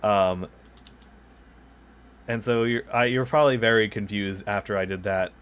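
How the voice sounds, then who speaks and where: A man with a lowish, clear, resonant voice that's a bit bright keeps a steady tone and moderate pace as he streams a game from his home desk. He rambles through casual chat into the mic beside him, often laughing and mocking himself.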